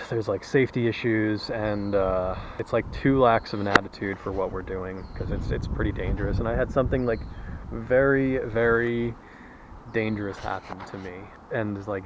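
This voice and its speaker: A man's voice: on the low side, vocal fry, muffled recording, a little hiss or hum. A man vlogging while out walking, rambling candidly in a casual monologue and swearing freely. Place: outdoors, walking.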